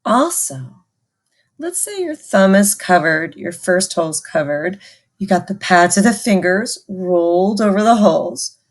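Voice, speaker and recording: A woman's voice: medium pitch, a little mellow. A woman music teacher giving a patient, call-and-response recorder lesson to children.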